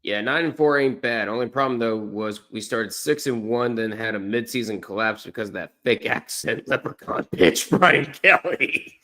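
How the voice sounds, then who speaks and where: A man's voice: on the low side, normal speed, few pauses, fairly bright tone. Rambling, self-correcting male streamer. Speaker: streamer watching college basketball. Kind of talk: casual live-stream commentary.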